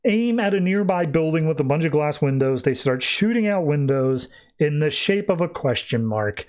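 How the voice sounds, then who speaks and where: Animated man recapping comics. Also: on the high side. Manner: animated, slips into quick character voices. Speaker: podcast host. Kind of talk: casual comic recap with acted-out voices.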